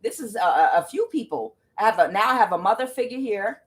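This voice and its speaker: A woman's voice: medium pitch, lively intonation, quick pace. A woman giving a casual tarot reading to camera, emphatic and exclaiming, talking straight to her viewers. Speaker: tarot reader.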